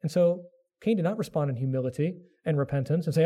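A man's voice: high-pitched, animated, fast talker, warm tone, slightly rough. A middle-aged man preaching a sermon as pastor, earnest, sometimes acting out the voices of biblical figures.

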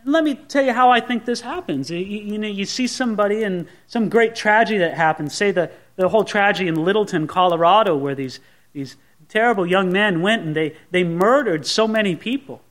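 Brisk and high-voiced, a man preaching as pastor acts out the scene dramatically, giving the people in his retelling distinct voices.

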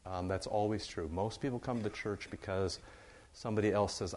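Chatty pastor leading casual Bible study. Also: male voice, on the low side, fairly even intonation, moderate pace. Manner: chatty, warm-humored, rambling with fillers.

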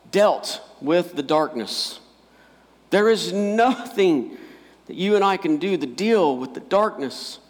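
A man's voice: high voice, in a large hall. A male pastor preaching a sermon, emphatic and repeating key phrases for weight.

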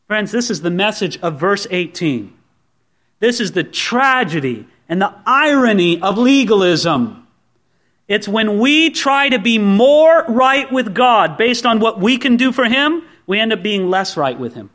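A man preaching a sermon as pastor, telling the story with lively acted-out voices and asking the listeners direct questions. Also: sits high, unhurried.

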